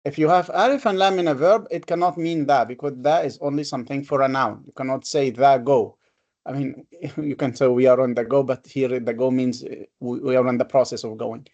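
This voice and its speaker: A man's voice: mid-range voice, fairly even intonation, fairly quick, darkish tone, muffled recording. A man teaching a classroom lesson on Quranic reading. He talks patiently, explains step by step and repeats his examples. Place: classroom with a board.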